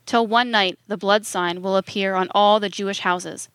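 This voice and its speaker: A woman reading a book aloud in a measured, even way. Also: medium pitch, smooth, no room sound. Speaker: reader.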